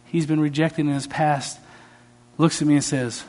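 Animated male pastor preaching. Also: normal speed. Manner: animated storytelling with sudden swings in pitch and loudness. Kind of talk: sermon.

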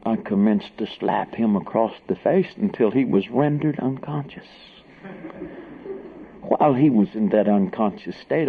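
A man preaching a sermon through humorous stories, swinging from hushed whispers to loud shouts. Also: fairly low pitch, creaky. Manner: humorous, tells tall tales for laughs. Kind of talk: sermon storytelling. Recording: tinny phone-like band with faint noise.

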